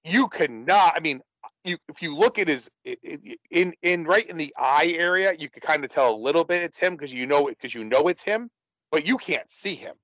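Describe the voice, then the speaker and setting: A man's voice: fairly high pitch, lively intonation, normal speed, fairly bright tone, no room sound, rough recording. A man talking casually about horror films, rambling with many restarts. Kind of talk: casual movie discussion.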